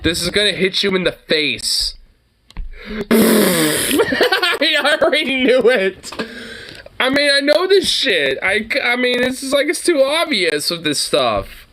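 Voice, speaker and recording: A man giving casual, animated reaction commentary on gun videos, swearing often and laughing at the clips. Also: extremely high pitch, slow pace.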